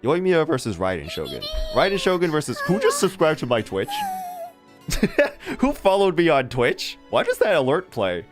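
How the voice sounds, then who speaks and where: A game streamer chats casually with viewers, rambling from one thought to the next and breaking into laughter often. The voice sits at a middle pitch but swings widely up and down. Soft music plays faintly underneath. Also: huge pitch swings, normal speed. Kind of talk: casual chat with live chat.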